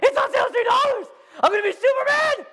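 A man voicing himself as an overexcited seven-year-old boy, pleading in a breathless, shouting, very high voice. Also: extremely slow, some chatter behind, heavily acted. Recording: long hall reverb.

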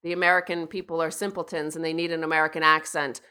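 A woman's voice: deep voice, level tone, fast, bright, forceful tone, clean tone. A woman co-hosting a talk radio show, making earnest, insistent points with frequent restarts. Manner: earnest, insistent, repeats herself. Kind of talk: casual talk radio commentary. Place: radio studio.

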